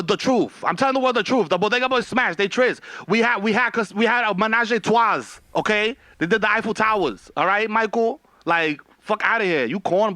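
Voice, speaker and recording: A man's voice: sits high, sharp tone, dry recording, exaggerated voice. A man playing a heartbroken, whiny young man, pleading and wailing.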